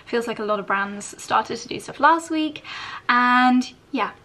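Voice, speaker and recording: A woman's voice: a little high, a little slow, bright, forceful tone. A woman in her thirties chatting to camera in a bubbly, giggly morning vlog at home. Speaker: fashion vlogger.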